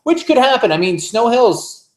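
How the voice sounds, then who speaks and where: A man's voice: extremely high pitch, sing-song, normal speed. A man, co-hosting a casual beer podcast, chatty and rambling, laughing often. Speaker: podcast co-host. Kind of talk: casual chat. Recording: echoey room.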